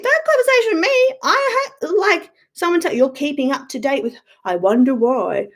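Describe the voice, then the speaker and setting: A woman's voice: sits high, fairly bright tone. A woman live-streaming a blunt, profane rant as she answers viewer comments. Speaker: YouTuber live-streaming to chat. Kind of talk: casual ranting live-stream chat.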